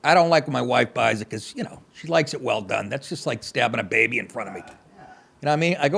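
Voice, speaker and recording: Brief: middle-aged man, podcast host, gravelly voice, lively swings, crude mocking commentary. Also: medium pitch, quick pace. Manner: profane, sarcastic, mocking asides. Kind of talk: comedic news rant.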